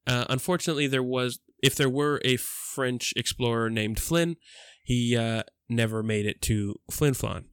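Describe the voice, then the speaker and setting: A man from Canada in a relaxed podcast chat, his pitch sitting in the middle of the range. He stumbles a bit, laughs easily and reads trivia aloud between jokes. The sound is dry and close, with no room around it. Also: normal speed, smooth, no room sound. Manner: jokey, laughs often, reads facts aloud with fillers. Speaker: podcast co-host. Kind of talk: casual chat.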